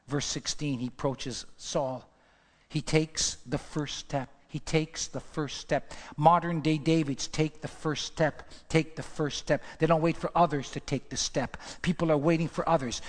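A male pastor preaching with emphatic, repeated exhortations in a slightly higher voice. The sermon rings out with a long reverb in the church.

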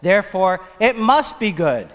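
A man preaching a sermon, telling a personal story in a conversational, animated way. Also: high voice, a little slow. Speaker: pastor. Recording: long church reverb.

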